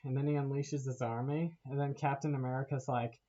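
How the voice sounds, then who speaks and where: A man's voice: mid-range voice, fairly even intonation, brisk, dark tone, highs cut off. A man giving a casual, rambling movie rant to camera, laughing often and swearing as he talks. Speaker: vlogger.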